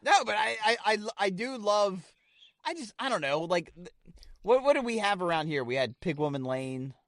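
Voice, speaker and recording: Speaking at normal speed with a high voice, a man co-hosts a podcast, and there's no room sound. He's chatty and excitable, wandering through stories and swearing as he goes.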